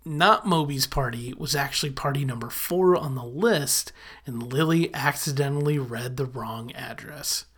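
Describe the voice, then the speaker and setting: A chatty recapper retelling a sitcom episode in a casual, animated way, quickly acting out short quoted lines. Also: mid-range voice.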